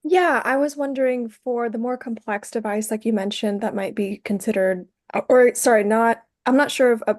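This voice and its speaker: A woman's voice: fairly high pitch, normal speed, a little mellow, no echo, clean studio sound. A woman from the audience asking a hesitant, self-correcting question in an online workshop.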